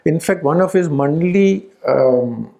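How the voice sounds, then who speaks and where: An older man in his seventies telling a personal story to a gathering, animated and quick, acting out quoted exchanges. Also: on the high side, creaky, slight background noise. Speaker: speaker at a spiritual gathering. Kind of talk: storytelling talk.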